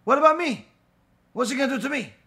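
A man's voice: extremely high pitch, fast, pushed and bright. A man teaching a Torah class, retelling Talmud stories dramatically and acting out the characters' lines.

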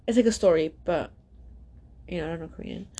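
A young woman hosting a casual podcast, reacting excitedly to a video with frequent exclamations and fillers. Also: fairly low pitch, fairly quick. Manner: gushing, exclamatory, many fillers. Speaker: podcast host.

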